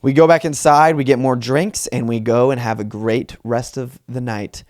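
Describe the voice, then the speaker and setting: A young man in his twenties hosts his own comedy podcast and tells a story from his life. He rambles, mocks himself and wanders into asides. His voice sits at an ordinary pitch, recorded close on a dry mic. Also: normal speed, no room sound. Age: 20s. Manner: rambling, self-mocking and animated. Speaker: podcast host.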